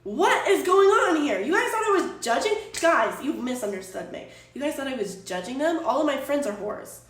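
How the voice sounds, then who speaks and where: A woman's voice: high-pitched, very animated, normal speed. A woman streamer chatting casually, exasperated and rambling, swearing freely as she defends herself to her chat. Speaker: Twitch streamer. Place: apartment room. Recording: echoey room, distant from mic.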